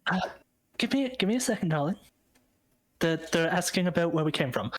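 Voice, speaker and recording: A man's voice: a little high, animated, a bit bright. A man playing a tabletop game, speaking politely in character with frequent hesitations. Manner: polite, halting in-character speech. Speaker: player. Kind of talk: tabletop role-play banter.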